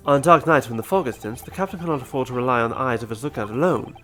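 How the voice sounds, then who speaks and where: A man's voice: mid-range voice, animated, fast talker, bright, forceful tone, faint music behind. A man voicing an eccentric, self-satisfied male detective in a put-on semi-British accent, with a grand, lecturing delivery.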